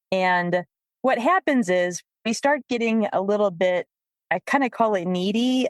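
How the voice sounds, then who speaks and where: A woman co-hosting a podcast, a dog trainer telling stories with a lively manner and frequent laughter. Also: medium pitch, no room sound, studio quality. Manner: lively storyteller, laughs often. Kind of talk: casual podcast chat.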